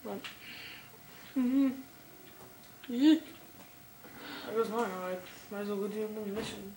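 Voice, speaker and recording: A young woman giving casual gameplay commentary, excitable and quick to swear and yell at the game. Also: mid-range voice, background noise. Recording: echoey room, far from the mic, music behind.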